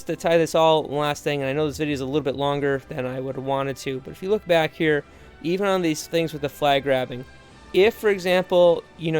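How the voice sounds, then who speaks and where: Earnest man coaching referees, smooth voice. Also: a little high. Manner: earnest, conversational, many restarts and asides. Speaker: referee trainer. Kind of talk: instructional video commentary.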